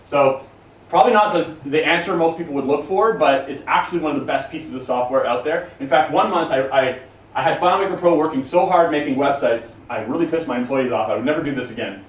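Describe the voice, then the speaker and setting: A man with a slightly high voice talks to a conference audience, blunt, profane and joking as he answers their questions. He sounds distant from the mic in a roomy hall, with faint noise behind him. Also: quick pace. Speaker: conference speaker taking questions. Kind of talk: casual talk with audience Q&A.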